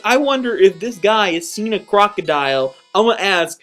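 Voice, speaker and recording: A man's voice: sits high, animated, moderate pace, few pauses, fairly bright tone, soft background music. A young man hosting a let's play, rambling casually and exasperated, with lots of restarts. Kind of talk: casual gameplay commentary.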